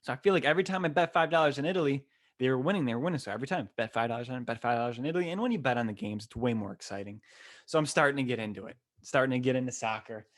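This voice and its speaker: A man's voice: medium pitch, racing. A young man hosts his podcast alone, telling a long story in a loose, slangy way. He rambles and gets worked up as he goes, with a voice that sits in an ordinary middle range for a man. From Western New York. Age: 20s. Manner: animated, rambling, slangy and excitable. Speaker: podcast host. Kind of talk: casual solo podcast storytelling. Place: temporary room, not his usual setup.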